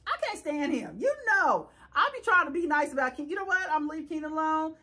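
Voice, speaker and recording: A woman giving a sassy, animated recap of a reality show in casual speech, often laughing and acting out what people said. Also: sits high, quick pace.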